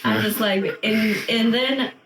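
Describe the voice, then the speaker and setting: A woman's voice: on the high side, takes it slowly, noisy background. A woman in her thirties co-hosting a podcast in casual chat, telling stories with lots of laughter. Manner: animated storytelling, often laughing. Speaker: podcast co-host. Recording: roomy and distant from mic.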